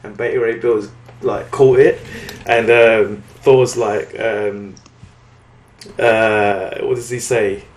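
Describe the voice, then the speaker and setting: A British man recapping a comic book in casual chat, with lots of fillers, restarts and quick acted-out quotes. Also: fairly low pitch, steady tone, roomy sound. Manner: rambling recap with many fillers and restarts, acting out lines in quotes. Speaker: podcast co-host reviewing comics.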